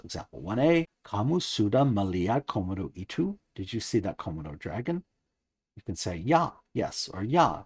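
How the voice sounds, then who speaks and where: A man narrating a scripted grammar lesson, reading out example sentences slowly and carefully. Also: on the low side, a little mellow, slightly rough. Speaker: language teacher.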